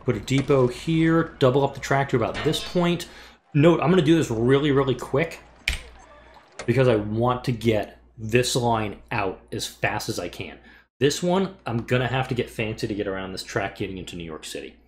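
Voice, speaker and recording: A man's voice: medium pitch, normal speed, slight background noise. A man giving casual let's play commentary, thinking aloud and muttering to himself as he plans moves, with the odd mild swear.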